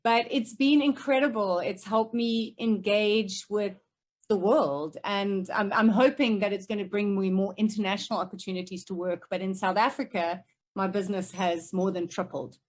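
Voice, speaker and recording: A woman who speaks professionally, answering questions over a video call with emphatic, crisp points. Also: mid-range voice, fairly even intonation, normal speed. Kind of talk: remote Q&A answers. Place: home office, remote.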